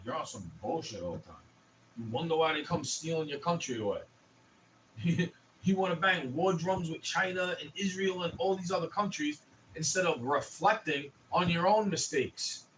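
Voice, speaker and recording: A man's voice: fairly high pitch, animated, moderate pace, fairly bright tone, distant mic, a little hiss or hum, poor audio. A man in his twenties, ranting profanely and heatedly in a casual livestream. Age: 20s. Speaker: streamer.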